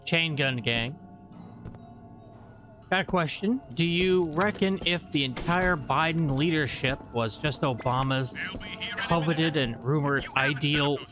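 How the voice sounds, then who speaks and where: A man's voice: a little high, slow pace, music in the background. A man co-hosting a live stream, reading viewer questions in a casual, swearing, chatty way. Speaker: co-host reading chat questions.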